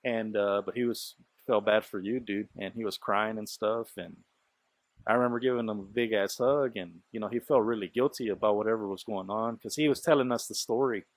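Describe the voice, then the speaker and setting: A man's voice: lowish voice, a little fast, no room sound. Profane storytelling man, dry close sound. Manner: loose, profane, talks in a rush of fillers and quoted speech. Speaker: podcast host. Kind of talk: casual storytelling.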